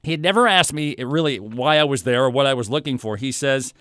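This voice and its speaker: A man casually telling a story about a shopping trip, in an animated, conversational way with playful asides. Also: mid-range voice, a little fast, clear, resonant tone, no room sound, clean studio sound.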